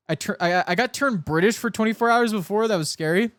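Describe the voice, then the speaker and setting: Young male streamer from California with a light cowboy drawl, keeps restarting his sentences, voice sits a bit high, dry close mic. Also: moderate pace, a bit bright, dry recording. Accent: soft put-on Southern cowboy drawl. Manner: rambling, chatty, self-interrupting. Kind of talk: casual live-stream chat while gaming.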